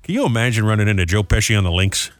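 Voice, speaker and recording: A man's voice: lowish voice, lively intonation, rapid-fire, no room sound. A man hosting a morning radio show, chatting casually and cracking jokes between community announcements in a studio. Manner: jokey, chatty storyteller.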